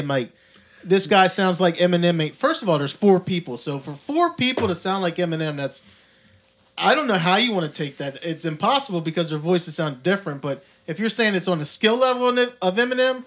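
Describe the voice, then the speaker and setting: A man's voice: sits high, brisk. A man co-hosting a podcast, chatting casually and mimicking people in the stories he retells. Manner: animated, mimics others in retold stories. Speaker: podcast co-host. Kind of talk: casual chat. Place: recording studio.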